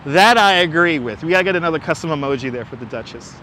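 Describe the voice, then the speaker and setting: Strolling city streets outdoors, this male host runs a casual livestream on a wireless clip-on mic, chatting with enthusiasm, greeting viewers by name and reading their comments aloud. He speaks fast with lively intonation, in a fairly high, sharp voice. A little hiss or hum can be heard.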